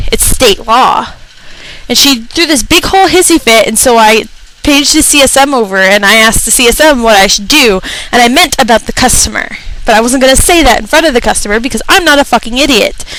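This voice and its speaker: A woman's voice: on the high side, a bit bright, poor audio. A young woman radio personality telling a comedic, profane rant about retail customers, acting out the people in her stories. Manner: exasperated, profane, acts out customers.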